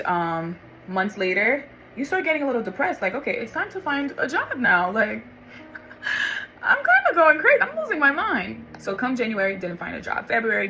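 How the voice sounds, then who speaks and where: A woman telling her personal faith testimony in a casual, animated way, calling listeners honey and y'all and acting out what others said. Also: medium pitch, low-quality recording. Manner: animated, acts out voices of others and God. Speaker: vlogger sharing faith testimony.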